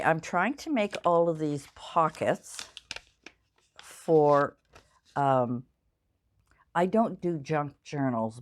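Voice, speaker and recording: An older woman chatting casually while she crafts, rambling and self-deprecating, with many fillers. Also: sits low. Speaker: crafting channel host. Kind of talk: casual crafting vlog chat.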